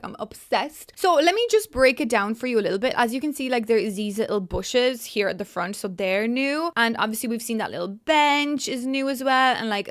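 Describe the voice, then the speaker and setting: A young woman gushing through casual reaction commentary on a game trailer, chatty and full of fillers. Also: fairly high pitch. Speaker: gaming YouTuber.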